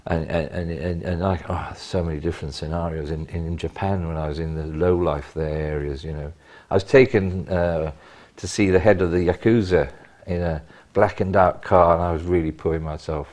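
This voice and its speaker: An older man, a retired police officer, telling animated stories in an interview with bursts of emphasis. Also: deep voice, normal speed, few pauses. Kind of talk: anecdotal interview.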